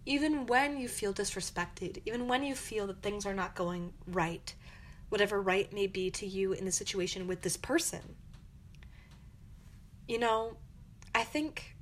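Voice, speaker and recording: In a reflective solo episode of her podcast, a young host gives earnest, encouraging advice, occasionally voicing angry quotes. Her mid-range voice has a fairly bright tone, and there's slight background noise.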